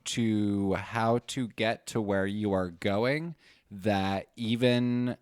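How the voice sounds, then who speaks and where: A man co-hosting a podcast in casual chat, measured and deliberate as he explains things. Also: lowish voice, smooth, no room sound, clean studio sound.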